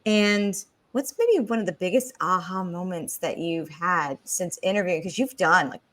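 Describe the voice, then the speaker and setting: A woman's voice: on the low side, moderate pace. A woman hosting a podcast interview, talking in a chatty, enthusiastic way. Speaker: podcast host. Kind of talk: conversational interview.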